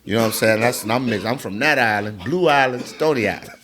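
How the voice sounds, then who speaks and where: A middle-aged man from Chicago, a radio morning show host, joking around as a podcast guest and jumping into high-pitched impressions. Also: fast, a little hiss or hum. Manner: animated, jokey, breaks into high-pitched impressions. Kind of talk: casual comedic podcast banter.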